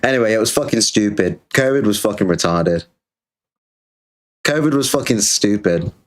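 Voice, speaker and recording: A man's voice: fairly low pitch, normal speed. A British man hosting a livestream, talking in a crude, sarcastic, ranting way. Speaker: streamer host. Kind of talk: livestream rant.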